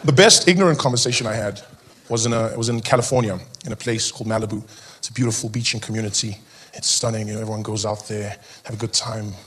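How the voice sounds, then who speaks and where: A man from South Africa performing a stand-up comedy set, animated and acting out other people's voices. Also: lowish voice, fast talker, a little hiss or hum.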